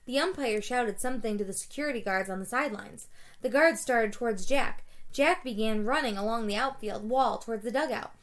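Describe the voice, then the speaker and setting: A woman's voice: a little high, a little fast. A woman teacher reading a children's chapter book aloud to her students in a plain storytelling way, sometimes stopping to correct a slipped word. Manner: plain storybook reading with small self-corrections, livelier on shouted quotes.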